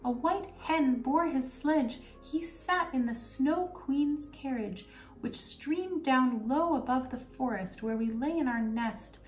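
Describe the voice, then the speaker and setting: A woman's voice: high voice, slow, pitched above the performer's own voice. A woman voicing a cooing wood pigeon in a storybook reading. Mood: urgent. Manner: cooing, lilting. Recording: roomy, distant, faint music.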